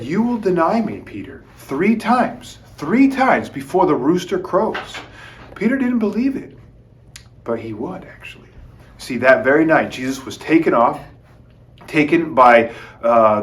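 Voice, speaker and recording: A man teaching a children's Bible lesson as a lively story, talking straight to the kids and acting out the quotes. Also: mid-range voice. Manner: lively, addresses kids as "guys", acts out quotes.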